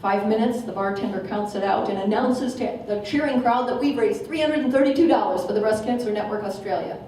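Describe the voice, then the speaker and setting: A woman in her forties with an American accent tells a story as a guest speaker, lively and full of humor. Her voice is mellow and unforced. It is heard from a distance in a very echoey meeting hall. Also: medium pitch, brisk, a little hiss or hum. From Minnesota, USA. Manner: lively and humorous, acts out quotes. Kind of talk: storytelling speech.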